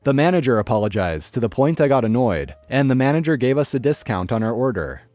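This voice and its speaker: A man narrating online stories in a scripted, expressive way. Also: mid-range voice, quick pace, no room sound, soft background music. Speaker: story narrator.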